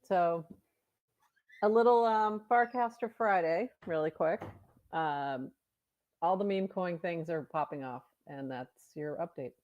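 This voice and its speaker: A woman co-hosting a casual online chat with a lowish voice, giving quick upbeat recaps. Her mic sounds dull and dry, with no room around it. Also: a little mellow, dry recording. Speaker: co-host.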